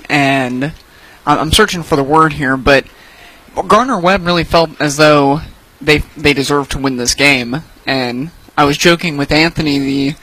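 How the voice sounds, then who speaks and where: A man's voice: on the high side, bright, forceful tone, poor audio. A man working as a sideline reporter, telling his view of the game casually while searching for words. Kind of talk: postgame sports report.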